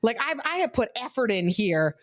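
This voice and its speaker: A young woman, hosting a podcast and retelling a travel mishap in a lively, dramatic way with laughter. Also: fairly high pitch, moderate pace, no echo. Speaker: podcast host. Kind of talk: casual storytelling.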